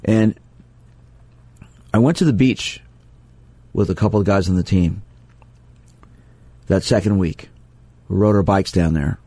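Male radio host, sports psychologist type, low voice, dry studio sound, earnest and emphatic delivery. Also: measured pace, long pauses, mellow, dry recording. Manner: earnest, emphatic with repeated phrases. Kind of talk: radio talk monologue taking calls.

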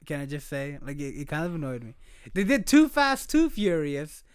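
A young man co-hosting a casual podcast chat, joking and throwing in quick asides. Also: a little high, sing-song, smooth, no echo, clean studio sound. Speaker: podcast co-host.

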